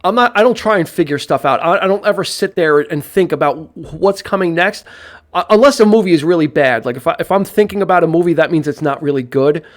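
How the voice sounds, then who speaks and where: A man's voice: fairly high pitch, lively intonation, quick pace. A man co-hosting a live-streamed film podcast, chatting casually in a rambling way with many restarts and playful jokes. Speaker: podcast co-host. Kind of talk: casual live-stream chat about films.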